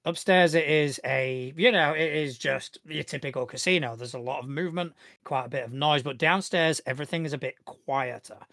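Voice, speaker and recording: A man's voice: on the high side, fairly quick, gravelly, hardly any pauses, a bit bright, no room sound. A man narrating as game master of a tabletop game, describing scenes in a rambling, easygoing way with many fillers.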